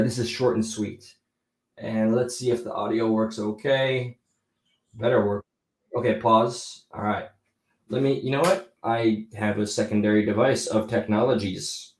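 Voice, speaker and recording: A man's voice: lowish voice, darkish tone, roomy sound. A man hosting a casual live stream on a spatial mic, chatting in a rambling way and often stopping mid-thought to start over.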